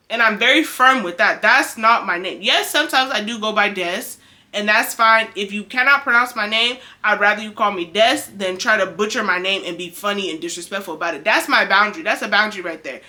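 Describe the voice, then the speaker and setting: A woman's voice: mid-range voice, pushed and bright. A young woman vlogging advice in a casual monologue, firm and emphatic, often repeating her points.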